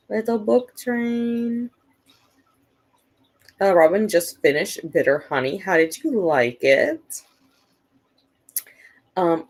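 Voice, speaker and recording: A woman hosting a relaxed livestream from home, chatting loosely and reading out viewer comments as they come in. Her voice sits a little low for a woman, and her talk is full of "like" and "um.". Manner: chatty, reads viewer comments aloud, frequent "like" and "um" fillers. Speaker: livestream host. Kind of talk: casual livestream chat.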